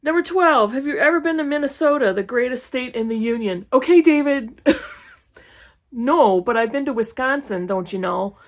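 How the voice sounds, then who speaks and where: A woman in her fifties from New England talks casually and frankly, with a slightly higher voice. She rattles through questions and drops sarcastic asides as she goes. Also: expressive, normal speed. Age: 50s. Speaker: book YouTuber. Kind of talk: casual chat answering tag questions. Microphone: camera mic, reading from an e-reader.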